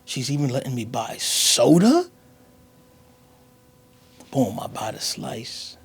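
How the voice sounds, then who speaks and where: A comedian telling a story in an animated, slangy way, sometimes dropping to a whisper. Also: male voice, medium pitch, slow, pauses often, a little hiss or hum. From United States. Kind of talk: comic storytelling monologue.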